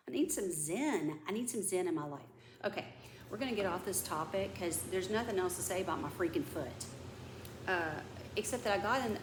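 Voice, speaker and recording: A woman vlogging in casual chat, rambling through a story, venting, and sometimes dropping to a whisper. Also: lowish voice. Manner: rambling storyteller who vents and drops to a whisper. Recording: echoey room with background noise.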